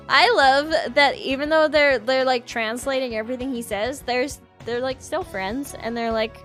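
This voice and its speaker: A woman streamer giving playful, casual commentary with quick asides and swearing over a game. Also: high-pitched, a bit bright, soft background music.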